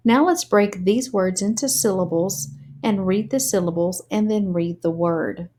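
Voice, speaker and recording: A woman's voice: medium pitch, measured pace, dark tone. A woman teaching a reading lesson, spelling words letter by letter and sounding out syllables. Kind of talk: slow, deliberate reading lesson.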